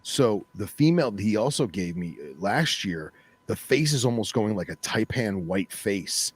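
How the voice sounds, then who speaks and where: A man's voice: lowish voice, expressive, normal speed, slightly rough. A man co-hosting a podcast in laid-back, enthusiastic casual chat. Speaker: podcast co-host.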